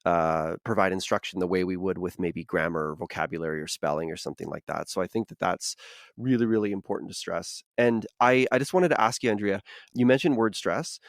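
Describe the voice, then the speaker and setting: A man's voice: low-pitched, fairly quick, no echo, clean studio sound. A man hosting a podcast interview, reflective and hedging, asking a long question. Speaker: podcast host.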